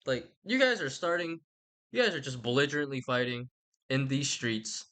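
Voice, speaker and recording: A man's voice: mid-range voice, sing-song, moderate pace, sharp tone. A man voicing an exasperated prince who scolds brawlers in casual modern slang. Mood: scolding.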